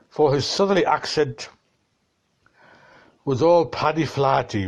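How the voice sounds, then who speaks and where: A man reading a dense novel aloud, slow and deliberate, shifting his tone for the quoted exchanges. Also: on the high side, muffled recording. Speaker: reader of a novel.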